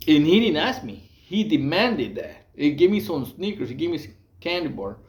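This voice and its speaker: A man's voice: on the high side, very animated, moderate pace, echoey room. A man from Mexico, casually telling prison stories in a rambling way, full of fillers, restarts and slang. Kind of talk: casual storytelling monologue.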